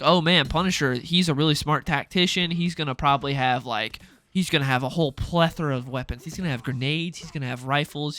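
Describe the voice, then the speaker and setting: A young man rants to camera, exasperated and sarcastic, in rapid-fire bursts of disbelief. His voice is fairly high, bright and tense. The sound is close-miked and dry, with no room around it. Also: no room sound. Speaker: video creator ranting. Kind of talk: heated solo rant.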